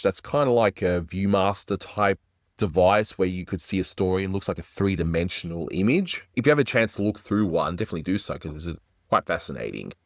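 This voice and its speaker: Deep-voiced chatty male cartoon reviewer. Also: no room sound, studio quality. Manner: enthusiastic, chatty, does little voice impressions. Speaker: animation reviewer host. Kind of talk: casual review commentary.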